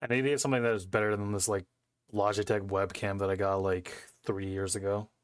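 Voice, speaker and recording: Young man, home streamer, rambling chat on a close headset mic, low voice, dry sound. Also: little pitch movement, fairly quick, clear, resonant tone, no echo. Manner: rambling, self-correcting, profane. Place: home desk setup. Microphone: headset mic close to face.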